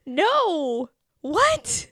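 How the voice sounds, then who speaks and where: A woman's voice: very high-pitched, extremely slow, dry recording, studio quality. A woman co-hosting a movie podcast, chatting casually and laughing often as she riffs. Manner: giggly, lively, riffing. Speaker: podcast co-host.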